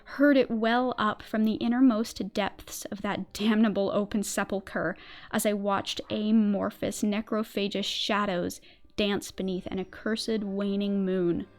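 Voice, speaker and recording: Over soft background music, a woman streamer reads a horror story theatrically, speaking a little slowly at a medium pitch with a level tone. The narration stays tense, growing louder as the story turns dark.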